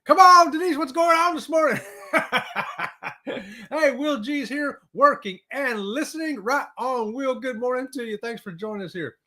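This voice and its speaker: A man hosting a casual livestream, greeting viewers by name and whooping with excitement. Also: very high voice, normal speed. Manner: excitable, drawling, whoops and laughs often. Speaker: livestream host.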